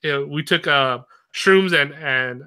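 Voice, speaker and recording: Chatting casually, a young man wanders from thought to thought with plenty of fillers and frequent laughter. He sounds bright and forceful, pitched a little high for a man, and his delivery is smooth and unhurried.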